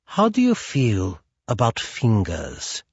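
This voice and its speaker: A man voicing a cruel German female assassin in an audiobook, slow, purring and menacing. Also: mid-range voice, huge pitch swings, husky, no room sound, lo-fi sound, full character voice. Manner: slow, menacing, sweetly threatening.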